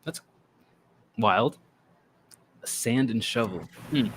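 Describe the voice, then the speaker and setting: A man's voice: mid-range voice, huge pitch swings, slow pace, creaky, a bit bright, a little hiss or hum. A man hosting a casual chat show, rambling and joking as he talks. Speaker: podcast host. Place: North Texas.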